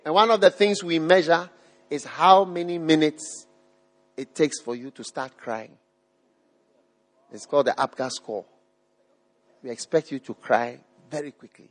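A man preaching a live sermon to a congregation, emphatic, repeating his phrases and putting questions to the crowd. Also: a little high. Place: church hall with a live congregation. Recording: long hall reverb.

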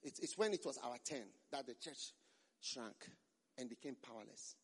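A man's voice: medium pitch, expressive, normal speed, breathy edge. A man preaching a sermon as a pastor, emphatic and repeating phrases for force. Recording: long reverb in a large hall.

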